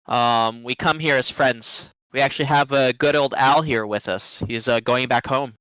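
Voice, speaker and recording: A man playing a smooth-talking adventurer who calmly bluffs a group of bandits. His voice is bright and crisp and is recorded close in a dry room. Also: mid-range voice, normal speed, no echo, highs cut off, natural voice. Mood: persuasive.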